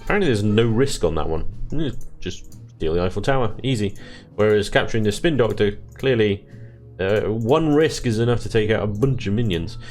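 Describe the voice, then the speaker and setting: A man casually commentating his strategy game play, chatty, self-deprecating and quick to laugh. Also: on the low side, lively intonation, a little mellow, soft background music. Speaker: let's play host.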